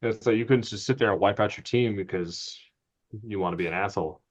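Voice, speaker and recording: A man's voice: on the low side, fast. A man co-hosting a gaming podcast in casual, profane chat, laughing often. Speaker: podcast co-host. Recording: dull lo-fi sound.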